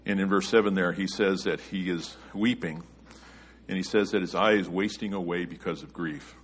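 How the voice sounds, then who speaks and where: A man preaching a sermon, earnest, his voice rising and getting louder when he quotes scripture. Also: low voice, moderate pace, breathy edge.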